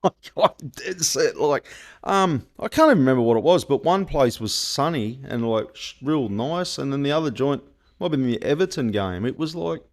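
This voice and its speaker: A man's voice: mid-range voice, animated, moderate pace. An Australian man hosting a football podcast in loose, sweary, laughing chatter. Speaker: podcast host. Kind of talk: casual football podcast chat.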